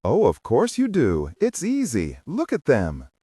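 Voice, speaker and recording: A lively young woman at a tea dance, teasing and breezy, with a husky, slightly raised voice, as a male narrator puts her on. She is heard from a little way off the mic. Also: medium pitch, measured pace, dry recording, clean studio sound, distant mic, exaggerated voice. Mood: playful.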